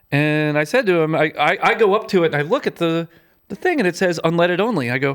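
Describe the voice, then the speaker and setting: A man with a fairly high voice tells a story in a loose, chatty way. He fills pauses with um and like. He jumps far up in pitch whenever he acts out what someone said. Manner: animated, acts out quotes with big pitch jumps; chatty, many fillers and restarts. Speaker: podcast guest, gaffer and cinematographer. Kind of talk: casual storytelling.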